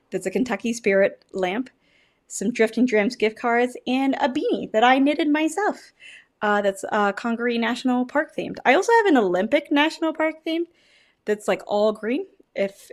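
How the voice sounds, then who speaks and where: A woman hosting a casual livestream whiskey tasting, chatty and cussing, groaning dramatically at the flavors. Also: on the high side. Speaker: livestream host.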